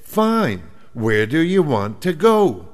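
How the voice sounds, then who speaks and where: A man voicing a prim, impatient female travel agent with a squeaky voice in a comic monologue. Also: very animated, slow pace. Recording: long hall reverb.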